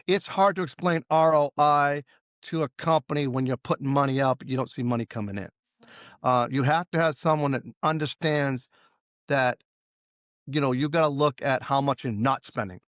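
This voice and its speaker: A man's voice: mid-range voice, normal speed, a bit bright, no room sound. A man as a safety consultant guest, talking casually in an interview and telling stories with acted-out dialogue. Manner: storytelling, acts out quoted dialogue.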